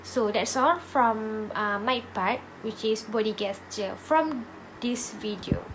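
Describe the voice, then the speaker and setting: A woman's voice: fairly high pitch, slow, background noise. A woman giving a class presentation, hesitant, with many fillers and restarts. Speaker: student presenter.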